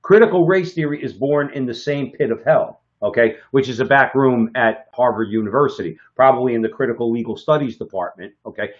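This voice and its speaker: A man's voice: mid-range voice, brisk, hardly any pauses. A man co-hosting a political talk show, speaking emphatically and often adding "okay?" for stress. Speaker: co-host. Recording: slightly dull lo-fi sound.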